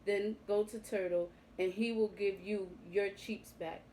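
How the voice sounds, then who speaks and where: A woman voicing a kindly male farm horse in a storybook read-aloud, gentle and patient. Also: mid-range voice, fairly even intonation, measured pace, slight background noise, lightly acted, rough recording.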